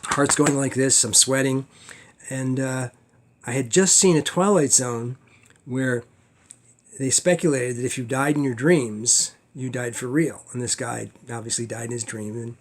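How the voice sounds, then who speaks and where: A middle-aged man teaching a class in a casual storytelling way, acting out his own panicked thoughts in lively bursts. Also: mid-range voice, a little slow.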